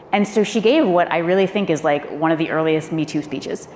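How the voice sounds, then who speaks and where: A woman, a former speechwriter, telling candid stories on a live panel with animated delivery. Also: lowish voice, a little fast. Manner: animated, acts out quoted voices. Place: event hall. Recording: echoey hall with faint noise.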